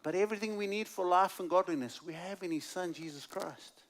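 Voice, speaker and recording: A man preaching a sermon as a guest speaker at a church service, alternating loud, emphatic lines with hushed, quiet asides. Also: sits high, brisk.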